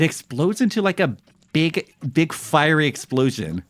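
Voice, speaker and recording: A man streams a video game live, giving animated commentary as he chats with viewers and jokes about his own fails. His voice is a little high and a little slow, with soft music playing in the background.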